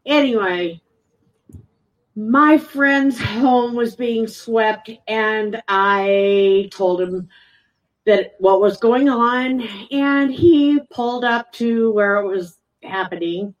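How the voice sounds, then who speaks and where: A woman giving public testimony, emotional and halting, with frequent pauses. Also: a little high, far from the mic, muffled recording. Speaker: resident speaking at a public meeting.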